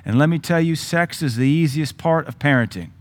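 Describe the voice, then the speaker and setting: A man's voice: on the high side, brisk. A man with a Southern American accent, a pastor preaching a sermon, repeating words for emphasis and lifting his voice for quotations. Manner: repetitive emphatic preaching, quotes with raised voice. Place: church.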